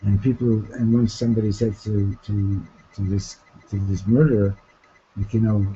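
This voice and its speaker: Male teacher, mellow voice, storytelling lesson, stop-start delivery, muffled classroom recording. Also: lowish voice, level tone, breathy edge. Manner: halting, repeats words and restarts, asks "Okay? Right?".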